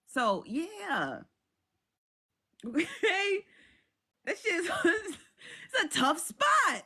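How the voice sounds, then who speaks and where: Animated, bright-voiced woman live streamer. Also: very high voice, slow, pauses often. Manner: profane, repetitive, laughs often. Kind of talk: casual live-stream chat.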